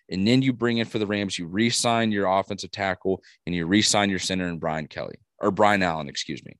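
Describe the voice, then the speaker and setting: A man's voice: sits low, brisk, hardly any pauses, no echo, studio quality. Brash, profane man talking football. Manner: brash and animated, swears freely. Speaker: podcast co-host. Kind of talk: casual sports chat.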